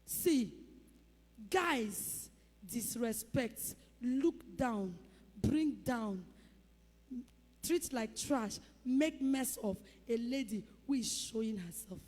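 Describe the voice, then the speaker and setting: A woman's voice: on the high side, lively intonation, drawn-out words, darkish tone, long reverb tail. A woman pastor preaching a sermon with emphatic calls, rhetorical questions to the congregation and acted-out sound effects.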